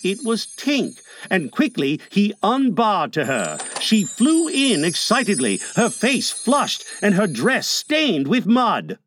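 A man narrating a storybook aloud in a dramatic way, shifting from hushed to lively. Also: sits high, slow pace, few pauses, a little hiss or hum. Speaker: audiobook narrator. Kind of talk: expressive storybook reading.

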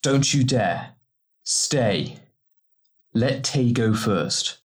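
A man's voice: mid-range voice, expressive, very slow, slightly rough, heavily acted. A man voicing an eager, earnest male warrior longing for home in an audiobook. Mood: tense. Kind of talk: audiobook character reading.

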